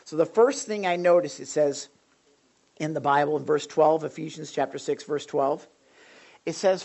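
A male pastor delivering a sermon with a gravelly, fairly high voice. He tells stories in an animated way and asks the audience questions. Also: a little slow.

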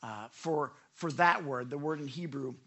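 With a mid-range voice and moderate pace, a pastor preaches in a conversational, earnest style, repeating himself often. He breaks off to dramatize prayers, dropping to a whisper at times and at others calling out loudly.

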